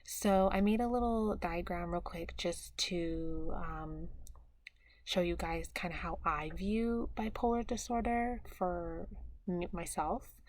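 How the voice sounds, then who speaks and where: Slow, soft-spoken, hesitant young woman. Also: on the low side. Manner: soft, hesitant, many pauses and fillers. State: low, tired mood. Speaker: vlogger. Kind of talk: personal video diary.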